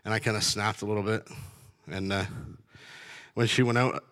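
A man's voice: fairly low pitch, fairly even intonation, moderate pace, fairly bright tone. A middle-aged man with a blunt, laughing storytelling manner, giving a casual faith testimony about life as a truck driver. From Canada.

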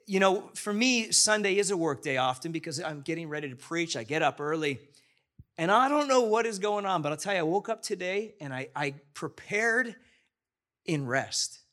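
Excited high-voiced male pastor. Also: moderate pace. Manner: enthusiastic, rambling with restarts. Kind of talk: sermon.

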